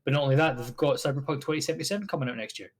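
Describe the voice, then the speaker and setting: A man's voice: medium pitch, rapid-fire. A Scottish man co-hosting a podcast, chatting casually, laughing along and swearing now and then. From Scotland. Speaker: podcast co-host. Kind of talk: casual chat.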